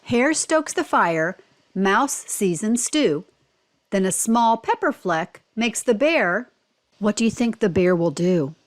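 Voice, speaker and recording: A woman reading a picture book aloud for children, slow and clear, stopping to ask simple questions. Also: medium pitch, very animated.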